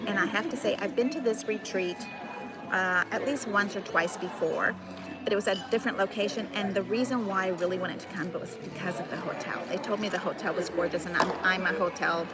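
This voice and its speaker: A woman's voice: medium pitch, brisk, over loud music. A woman hosting a casual paper-crafting livestream, chatty and affectionate, greeting viewers by name. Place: busy crafting retreat hall with crowd. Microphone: phone camera. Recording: crowded noisy venue. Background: crowd chatter.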